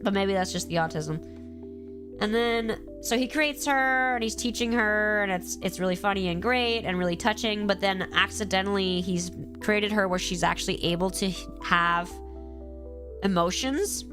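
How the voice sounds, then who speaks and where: A woman's voice: mid-range voice, moderate pace, music in the background. Congested woman gushing on a live stream. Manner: animated, gushing, acts out quoted lines. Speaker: streamer ranking episodes. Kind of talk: casual live-stream chat.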